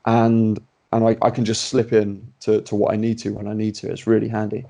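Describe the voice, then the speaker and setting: A man hosting a podcast, talking in a chatty, animated way with lots of restarts. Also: on the low side, fairly quick, creaky. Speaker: podcast host. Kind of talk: casual podcast chat.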